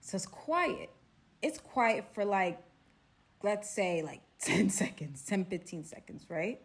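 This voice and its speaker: A young woman from Brooklyn, New York, a storyteller vlogger, shares a dramatic tale in a casual storytime. Her mid-range voice is very animated yet slow-paced, and her chatty delivery is full of "like" and "right?".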